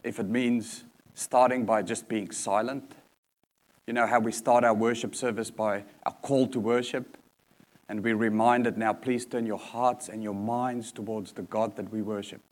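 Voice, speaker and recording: A man's voice: lowish voice, fairly even intonation, measured pace. A man preaching a sermon in an earnest manner, repeating key points for emphasis.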